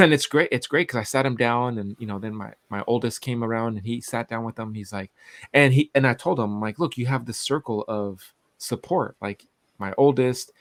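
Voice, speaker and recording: A man's voice: medium pitch, brisk, dry recording. Man in his forties on a podcast, loose rambling storyteller, dry close sound. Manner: rambling storyteller, full of "like" and restarts. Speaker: podcast co-host. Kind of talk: casual chat.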